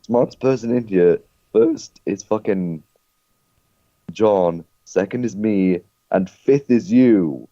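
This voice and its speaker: A man's voice: fairly low pitch, slow, warm tone, no echo, highs cut off. A man on a casual gaming podcast who teases his friends sarcastically and swears.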